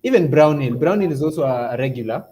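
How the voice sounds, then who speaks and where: A man's voice: a little high, animated, fast, warm tone. A man hosting a casual online chat, prompting his guest with questions and short remarks.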